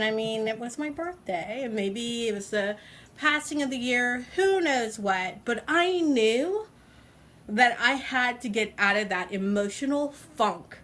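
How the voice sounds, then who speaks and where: Woman in her forties, fairly high voice, casual vlog chat, laughs easily, drawn-out words. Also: lively intonation, fairly bright tone. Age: 40s. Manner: chatty, laughs often, stretches words out. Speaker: vlogger. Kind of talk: casual self-help vlog. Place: outdoors on a balcony.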